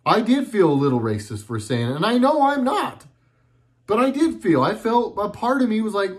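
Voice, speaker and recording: In a sing-song voice that sits high, a middle-aged man speaks at normal speed during a casual at-home monologue for his video blog. He's earnest and rambling, often starting sentences over.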